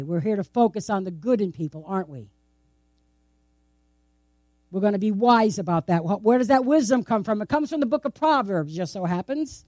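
A woman's voice: medium pitch, a little mellow, no echo, clean studio sound. A woman preaching a sermon in a conversational, playful way, tossing out rhetorical questions and laughing often. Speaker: pastor. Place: church.

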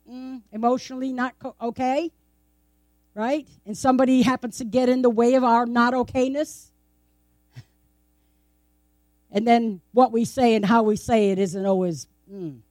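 A woman's voice: fairly high pitch, darkish tone, dry recording, clean studio sound. A woman preaching a sermon in a conversational, playful way, tossing out rhetorical questions and laughing often. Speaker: pastor. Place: church.

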